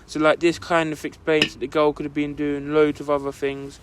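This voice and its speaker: A man's voice: a little high, completely flat delivery, fairly quick, background noise. A young man, co-hosting a podcast and telling a long story in casual chat, rambling and filling his talk with "like". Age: young adult. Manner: rambling, fills with "like" constantly. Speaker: podcast co-host.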